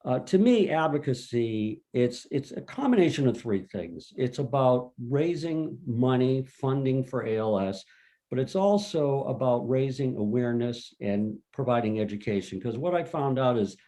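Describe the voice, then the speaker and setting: A man's voice: medium pitch, expressive, warm tone, rough recording. Earnest man telling a personal story. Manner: earnest, emotional storytelling with pauses. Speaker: fundraiser and board volunteer. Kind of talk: personal story at a virtual panel. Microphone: video call.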